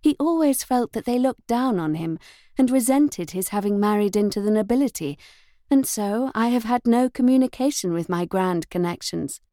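A woman's voice: a little high, expressive, normal speed, dark tone, dry recording, clean studio sound, close to an everyday voice. A woman reading the lines of a proud young governess, speaking demurely and coolly in a storybook reading. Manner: demure and cool.

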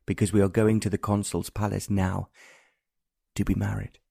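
A man reading an audiobook, voicing a tender and protective English nobleman who speaks quietly and earnestly. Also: on the low side, little pitch movement, moderate pace, gravelly, no room sound, clean studio sound, pitched below the performer's own voice. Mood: tender, resolute. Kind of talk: audiobook narration.

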